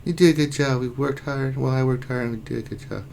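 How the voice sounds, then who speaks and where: A man's voice: medium pitch, fast, vocal fry, a little mellow, slight background noise. A man hosting a casual livestream chat, joking around and reading viewer comments aloud. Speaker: livestream host.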